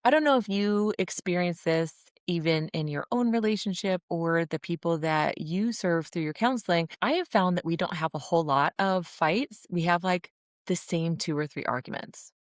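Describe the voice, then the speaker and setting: Low-voiced woman podcast host. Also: normal speed, no room sound, studio quality. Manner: conversational, hesitant, with fillers and restarts. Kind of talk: casual podcast conversation.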